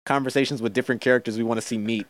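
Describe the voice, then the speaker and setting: A young man chatting casually as a guest, animated, with lots of filler words and quoted voices. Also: medium pitch, very fast. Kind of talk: casual podcast chat.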